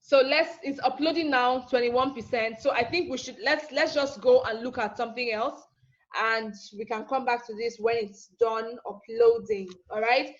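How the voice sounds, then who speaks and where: A woman's voice: a little high, fairly even intonation, moderate pace. A woman teaching a live online class, chatty and teasing, checking in often with "okay?". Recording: dull lo-fi.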